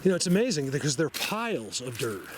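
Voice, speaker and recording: A man vlogging outdoors in a forest, talking casually to camera in an excitable, rambling way and laughing often. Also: fairly high pitch, fast, slight background noise.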